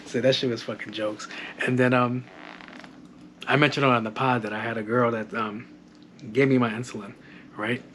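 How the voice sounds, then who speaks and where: A man's voice: mid-range voice, level tone, normal speed, pauses often, a bit bright, slight background noise. Young man telling swear-laden stories. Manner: profane, joking, laughs at his own stories. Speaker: podcast host. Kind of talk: casual storytelling monologue.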